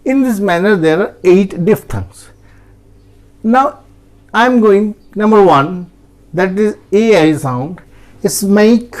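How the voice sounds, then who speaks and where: A man with an Indian accent gives an English pronunciation lesson, moving between English and Hindi. He talks slowly and patiently, saying each example word aloud over and over for his students. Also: sits high, lively intonation. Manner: slow, repetitive, drills words aloud. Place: in front of a teaching board.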